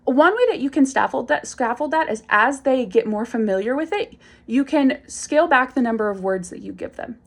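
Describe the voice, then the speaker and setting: A woman explaining speech activities to parents, clear and encouraging, acting out the example phrases with strong emphasis. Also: high voice, animated, normal speed, hardly any pauses. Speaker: speech and language instructor. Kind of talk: instructional demonstration for parents.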